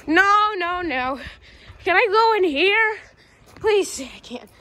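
A woman's voice: very high voice, animated, slow, pushed and bright, full character voice. A woman voicing a jittery male purple pirate fox in a game role-play, whiny, exasperated and out of breath. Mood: panicked.

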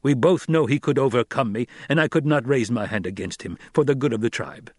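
A proud desert chieftain growls his lines in a gruff, middle-pitched voice, as a male reader puts him on. The storybook reading is dry and close, with no echo. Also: brisk, a little mellow, lightly acted.

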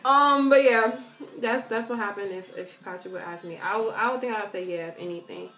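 A woman's voice: mid-range voice, fairly quick, faint music behind. Chatty woman vlogger in an echoey room. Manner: chatty, animated, addresses viewers as girl and you guys. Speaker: vlogger answering viewer questions. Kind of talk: casual chat to camera.

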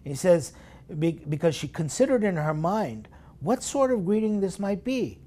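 A man preaching a sermon as a priest, putting strong stresses on key words, dropping into hushed whispered asides and asking his listeners questions. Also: sits high, very animated, moderate pace. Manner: emphatic, swinging between loud stresses and hushed whispered asides; talks straight to listeners with rhetorical questions. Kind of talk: sermon meditation broadcast.

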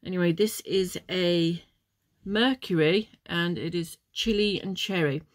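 A woman's voice: lowish voice, measured pace, no room sound. A woman chatting casually as she tastes and reviews chocolates, wandering off into memories with plenty of ums. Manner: chatty, meandering, many ums. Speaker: vlogger.

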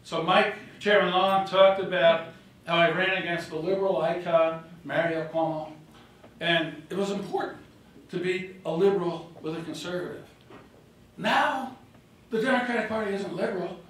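Older guy giving a storytelling speech, kinda high voice, far off in a big echoey ballroom. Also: moderate pace, slight background noise. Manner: storytelling, animated, acts out quotes. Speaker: former governor giving a speech. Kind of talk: political speech with anecdotes. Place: hotel ballroom reception.

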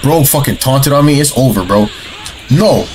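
A young man streams a fighting game over a headset mic. His voice leaps up and down in pitch as he reacts, cursing and venting his frustration. Game music plays loudly behind him. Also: normal speed. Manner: excitable, swearing, frustrated outbursts. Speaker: gaming streamer. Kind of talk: live gameplay commentary.

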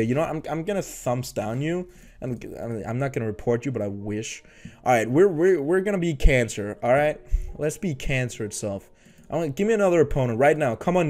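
A man's voice: medium pitch, a little mellow. Ranting young gamer guy. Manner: frustrated, rambling, swears and stutters. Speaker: gaming YouTuber. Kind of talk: casual gameplay commentary.

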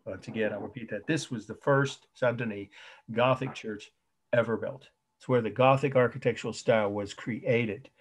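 A man lecturing on art history over a video call, slowly spelling out terms and repeating key points. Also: medium pitch, steady tone, husky. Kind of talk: online lecture.

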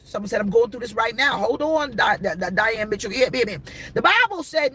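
A woman preacher delivering a fiery sermon, shouting and repeating phrases to the crowd. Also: on the high side, very animated, normal speed, slight background noise. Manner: shouting, repetitive, call-and-response.

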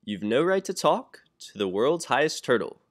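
A man's voice: mid-range voice, very animated, moderate pace. A young man voicing a boastful, pompous male turtle king who bellows his orders in a storybook reading. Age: young adult. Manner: bellowing, grandiose.

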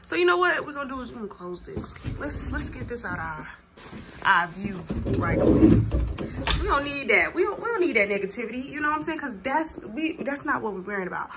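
A woman's voice: sits high, big pitch swings, fairly quick, heavy background noise. Chatty young woman vlogging, slangy. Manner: chatty, slangy, talks straight to viewers. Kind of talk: casual chat to camera. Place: her bedroom.

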